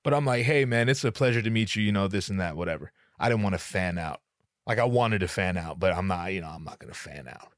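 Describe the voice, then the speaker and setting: A young man tells a story on his podcast in a casual, profane, self-mocking way. His voice sits low but jumps sharply upward whenever he acts out his own reactions. The sound is close and dry, with no room around it. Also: expressive, fast, no echo. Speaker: podcast host.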